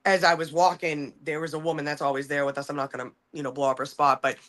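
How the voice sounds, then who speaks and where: Bright-voiced woman telling a profane story. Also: low-pitched, flat delivery, fast talker. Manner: profane, rambling, with many restarts. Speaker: podcast host. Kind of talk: casual storytelling chat.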